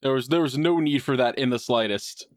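A man on a podcast, telling a personal story in casual chat with a wry tone and quick put-on voices for other people. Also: medium pitch, no echo, clean studio sound. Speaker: podcast co-host.

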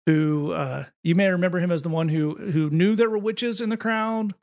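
Guy hosting a podcast, kinda high voice, sarcastic chatty tone. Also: normal speed. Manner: sardonic, mocking delivery with animated read-out quotes. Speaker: podcast host. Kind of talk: casual podcast chat.

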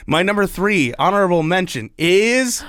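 A man co-hosting a podcast, his pitch swinging up and down as he talks. He chats casually, laughs often and swears freely. The sound is dry and close. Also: expressive, moderate pace, fairly bright tone, smooth, dry recording. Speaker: podcast co-host. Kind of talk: casual chat.

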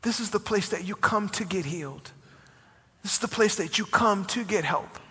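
A man preaching a sermon as pastor, impassioned and rising to near-shouts when he presses a point. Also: sits high, normal speed, slightly rough, in a large hall.

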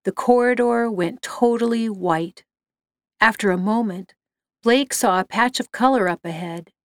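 A woman narrating a story in a steady, measured reading voice. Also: on the high side, dry recording.

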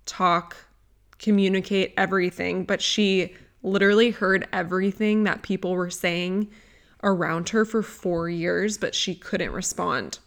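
A woman's voice: on the low side, unhurried. A woman podcast host introducing her guest with effusive enthusiasm and speaking directly to her listeners.

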